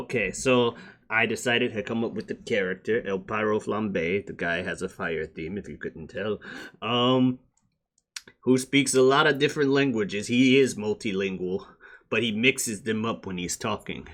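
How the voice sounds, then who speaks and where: A man's voice: fairly low pitch, moderate pace, a bit bright. A young man co-hosting a casual podcast, telling stories animatedly and laughing between bits. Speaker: podcast co-host.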